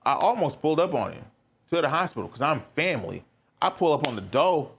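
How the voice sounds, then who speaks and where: A man's voice: on the high side, big pitch swings, brisk, gravelly, a bit bright, a little hiss or hum. A young man hosting a podcast, telling a personal story in a candid, rambling way with lots of filler words. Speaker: podcast host.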